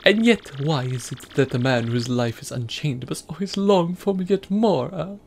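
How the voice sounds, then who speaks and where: During a let's play, a man voices game characters, here a vain, pompous rich male trader with an over-the-top fake French accent, theatrical and grandiose. His voice is a little high and gravelly with lively intonation at a normal speed, and there's slight background noise.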